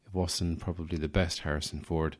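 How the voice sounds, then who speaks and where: Rough-voiced Irish man rambling on a podcast. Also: low-pitched, flat delivery, a little fast. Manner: rambling, self-deprecating, goes off on tangents. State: rough voice from just waking. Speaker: podcast host. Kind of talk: casual improvised monologue.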